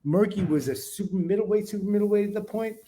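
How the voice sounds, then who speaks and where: A man's voice: high voice, fast talker, mellow. A man co-hosting an interview show, chatting casually and recalling his own sparring days. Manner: frequent affirming interjections, laughs along. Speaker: co-host, former boxer. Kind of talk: casual chat.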